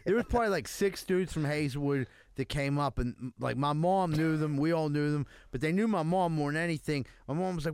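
A man's voice: fairly high pitch, brisk, hardly any pauses, a little mellow, smooth, no room sound, clean studio sound. A man co-hosting a casual comedy podcast, telling stories animatedly and acting out voices of the people in them. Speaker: podcast co-host. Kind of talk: casual podcast banter and storytelling.

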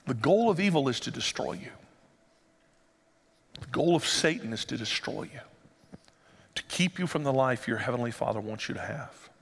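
A man preaching a sermon, dramatic, acting out the quoted lines and swinging from hushed to loud. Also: medium pitch, lively intonation, moderate pace, creaky, pauses often, breathy edge, long reverb tail. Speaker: pastor.

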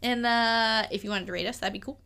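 A woman's voice: fairly high pitch, steady tone, a little fast, sharp tone, clean tone. A woman co-hosting a movie podcast in casual chat, giggly and rambling as she reads the plugs. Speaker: podcast co-host.

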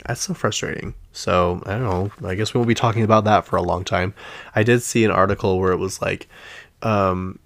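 Man with a Utah accent, lowish voice, casual rambling host. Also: steady tone, fairly quick, gravelly. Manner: chatty, exasperated, lots of fillers. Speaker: podcast host. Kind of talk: casual pop-culture chat.

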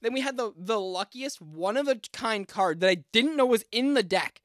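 Animated young man telling stories. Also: sits high, normal speed, dry recording, clean studio sound. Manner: animated storytelling, swearing, mimicking his brother. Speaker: podcast co-host. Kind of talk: casual chat.

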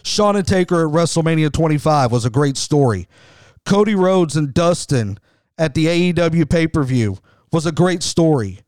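A middle-aged man hosts a wrestling podcast, talking with enthusiasm in a loose, conversational way and often restarting his sentences. His voice is slightly higher than most men's, smooth and clear, and recorded dry and close. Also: lively intonation, moderate pace, a little mellow, no room sound. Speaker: wrestling show host. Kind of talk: podcast commentary.

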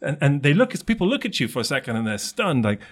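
Speaking fast in a slightly high voice, a middle-aged co-host from London chats casually in his London accent. His stories are lively, complete with impressions of the people he's quoting.

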